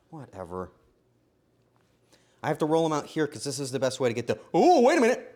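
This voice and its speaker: A man live-streaming himself baking, joking to his chat and swinging between quiet mutters and loud outbursts. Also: medium pitch, expressive, a little fast. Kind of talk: casual live-stream commentary while baking.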